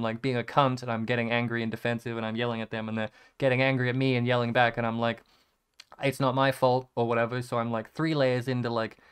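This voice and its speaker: A young man talking candidly in a personal vlog, rambling and halting, swearing casually and trailing off quietly, still emotional after crying. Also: mid-range voice, clean tone. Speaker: vlogger.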